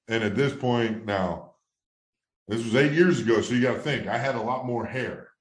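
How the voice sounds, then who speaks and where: A man's voice: normal speed, reverberant. A man in his thirties, a former ballplayer telling a story in a casual interview, rambling with many restarts. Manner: rambling, many restarts, low-key then excited. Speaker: former baseball player, guest.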